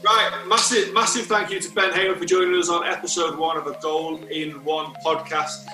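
A bright, tense-toned man wraps up a podcast episode in an upbeat, slightly nervous way. His voice rings in an echoey room, and faint music plays underneath. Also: a little high, flat delivery, moderate pace. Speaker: podcast host. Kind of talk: casual outro.

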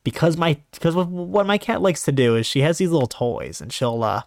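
A man talking casually in a rambling monologue, full of fillers and restarts, with sudden jumps in pitch. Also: lively intonation, fairly quick, creaky, a little mellow, no room sound, clean studio sound. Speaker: podcast host.

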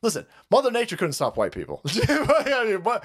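A man's voice: high voice, huge pitch swings, moderate pace. A man hosting a livestream, ranting about politics with constant swearing, repeated phrases and bursts of laughter. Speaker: livestream host. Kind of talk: profane political rant.

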